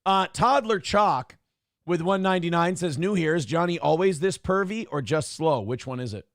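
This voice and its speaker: A man with a high-pitched voice hosts a casual livestream, reading out chat messages. He is loud and joking, jumping between shouts and low mutters. The sound is dry and close to the mic. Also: expressive, normal speed, no echo. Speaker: show host reading chat donations.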